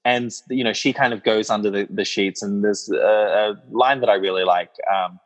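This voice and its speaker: A man's voice: on the low side, steady tone, normal speed, big-room sound. A man co-hosting a casual film discussion, talking thoughtfully with many fillers. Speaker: film podcast co-host.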